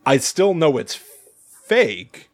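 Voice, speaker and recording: A man co-hosting a podcast, telling a story in casual chat with lots of restarts, fillers and laughs. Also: fairly high pitch. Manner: animated, halting storyteller with many restarts and laughs. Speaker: podcast co-host.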